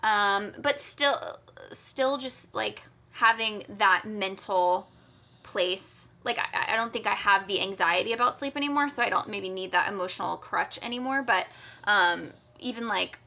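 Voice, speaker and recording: A woman co-hosting a podcast in relaxed chat. Her voice is bright and tense with a gravelly edge. She talks openly, peppering her sentences with "like.". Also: mid-range voice, a little slow. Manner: candid, filler-heavy, frequent "like". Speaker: podcast co-host. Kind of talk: casual conversational chat.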